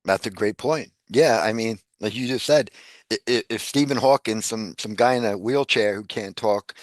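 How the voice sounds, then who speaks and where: A man chatting casually as a podcast guest, animated, laughing often and repeating words as he talks. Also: lowish voice, normal speed, no room sound, clean studio sound.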